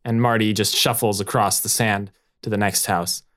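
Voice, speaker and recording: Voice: mid-range voice, fairly even intonation, normal speed, a bit bright. A game master narrating a tabletop role-play scene in a descriptive, casual way.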